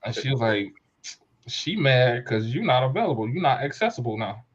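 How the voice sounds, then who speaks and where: A man's voice: mid-range voice, moderate pace, slightly rough, muffled recording. A man hosting a podcast, telling a story in casual chat and acting out the voices of people in it. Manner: animated storyteller, acts out quoted voices. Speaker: podcast host.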